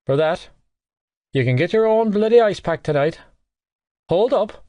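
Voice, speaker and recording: A man's voice: high voice, expressive, unhurried, a little mellow, no room sound, voice pushed up. A man doing a rowdy drunk young rugby lad. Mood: indignant.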